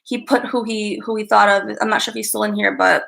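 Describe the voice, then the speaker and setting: A woman's voice: medium pitch, steady tone, a little fast, vocal fry, a bit bright. A woman hosting a casual live stream, chatting with her viewers, giggly and easily distracted. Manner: giggly, easily distracted, greets chat by name.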